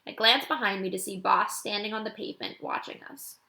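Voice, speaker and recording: A woman's voice: medium pitch, brisk, creaky. A woman reading a children's novel aloud, narrating expressively. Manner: expressive, animated. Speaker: audiobook reader.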